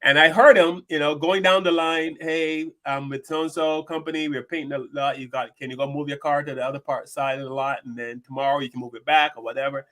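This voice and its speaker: Bright-voiced man telling a story. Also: a little high, fairly even intonation, a little fast, few pauses. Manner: storytelling, acts out quoted people. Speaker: podcast co-host. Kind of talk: casual discussion.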